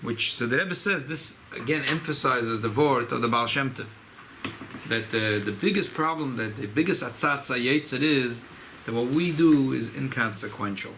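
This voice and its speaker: A rabbi, speaking informally at a farbrengen gathering, often repeating and restarting phrases. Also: male voice, medium pitch, moderate pace, pushed and bright, slight background noise, low-quality recording. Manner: repetitive, restarts phrases, mixes Yiddish and Hebrew terms. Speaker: rabbi giving a farbrengen talk. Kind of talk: informal Chassidic talk at a gathering.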